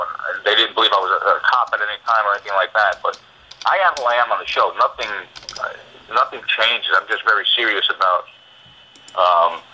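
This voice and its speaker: A middle-aged man with a New York accent, chatting casually as a podcast guest, easygoing and halting with many fillers. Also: mid-range voice, bright, forceful tone, rough recording. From Brooklyn, New York. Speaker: TV paranormal investigator, podcast guest. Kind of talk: casual interview chat.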